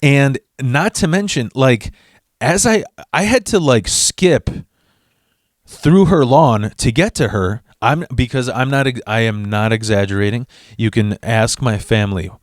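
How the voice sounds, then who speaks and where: A man hosting a vlog, telling a comedic story in an animated, profane, fast-talking way. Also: medium pitch, no room sound, studio quality. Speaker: vlog host.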